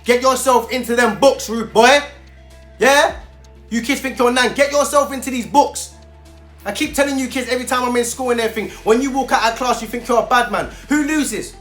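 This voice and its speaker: A man's voice: very high-pitched, brisk, fairly bright tone, faint music behind. Fired-up man ranting to camera. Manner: fired-up, preachy street talk, repeats himself for emphasis. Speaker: youth mentor speaking to young people. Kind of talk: direct-to-camera rant.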